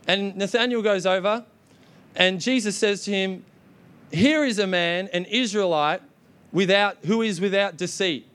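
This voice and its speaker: Young male preacher, high-pitched, energetic exhorting sermon delivery. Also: moderate pace, clean tone. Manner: energetic, exhorting with repeated "come on".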